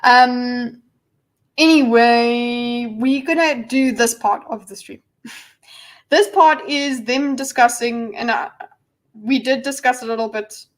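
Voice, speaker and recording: A woman chats her way through a casual livestream. Her voice sits a little high. She rambles, giggles and pokes fun at herself as she fiddles with her setup. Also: steady tone, slow pace, poor audio. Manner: rambling, giggly, self-deprecating. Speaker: livestream host.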